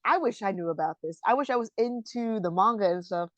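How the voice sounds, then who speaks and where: A woman co-hosting a podcast, chatting about an anime in an animated, emotional way that often breaks into laughter. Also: medium pitch, brisk, no echo, highs cut off. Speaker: podcast co-host. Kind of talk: casual anime discussion.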